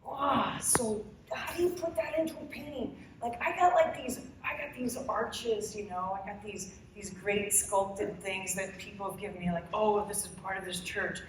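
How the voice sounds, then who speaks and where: A middle-aged woman, a painter, talking earnestly and emotionally to a live audience, halting and restarting her sentences. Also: mid-range voice, a little hiss or hum. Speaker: painter giving a demo talk. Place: large echoey hall, live audience. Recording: echoey distant hall recording.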